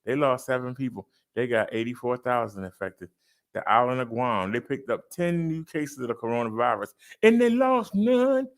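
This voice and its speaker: A man in a casual vlog rattles off daily figures to his viewers with a mid-range voice. He leans hard on certain phrases, stretching them out loud and slow, then goes back to a plain steady read. His tone is direct and chatty. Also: mid-range voice. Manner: emphatic, punchy, drawls key phrases loudly; talks to viewers, says "y'all". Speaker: fitness vlogger. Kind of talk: casual daily stats rundown.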